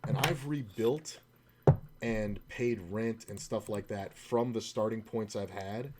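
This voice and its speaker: Low-voiced man telling a rambling story. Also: little pitch movement, measured pace, a little mellow. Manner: rambling, self-interrupting, quotes others in his own voice. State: discouraged, low-key. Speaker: poker streamer. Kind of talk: casual storytelling while playing.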